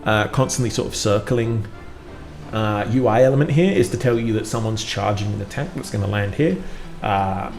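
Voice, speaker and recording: A man's voice: lowish voice, moderate pace, creaky, darkish tone. A British man casually hosting a gameplay livestream, chatty and joking with self-deprecating asides. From United Kingdom. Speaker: community manager and stream host. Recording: roomy sound with faint music.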